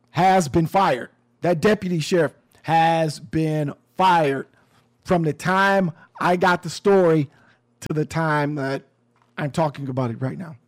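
A man giving a casual commentary monologue, sarcastic and emphatic, often repeating his phrases. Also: a little high.

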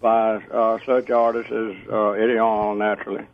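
Gravelly phone caller. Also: male voice, on the low side, little pitch movement. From Georgia, US. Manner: slow, friendly, chuckling, down-home. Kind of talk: phone-in chat. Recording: muffled phone line.

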